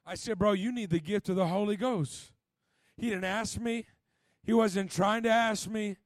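A young man from Los Angeles, an evangelist preaching a Pentecostal sermon, who says "uh" before many phrases and swings between loud exhortation and relaxed storytelling. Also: high-pitched, normal speed, dry recording. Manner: conversational storytelling with "man" and "bro".

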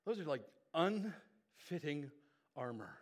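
A man preaching a sermon, retelling a Bible story as an animated storyteller who checks in with his listeners. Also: a little high, slow. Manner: animated storyteller with conversational asides. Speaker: pastor.

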